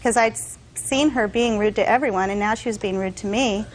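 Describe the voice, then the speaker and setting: A woman testifying as a defendant, telling her story in an animated way and acting out what others said. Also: mid-range voice, a little fast, low-quality recording. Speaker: defendant in a courtroom show.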